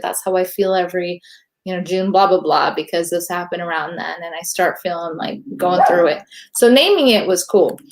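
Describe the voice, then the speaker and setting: A woman guest talks in a loose, easygoing way about her poetry, full of slang and filler words. Her voice sits at an ordinary middle pitch. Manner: casual slangy talk, many fillers. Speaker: guest poet and professor. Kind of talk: casual interview chat.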